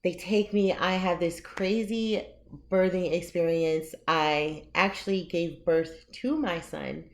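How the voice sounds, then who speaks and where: Low-voiced woman telling a personal story. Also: slow. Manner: animated, laughs often while telling the story. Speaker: vlogger and memoir author.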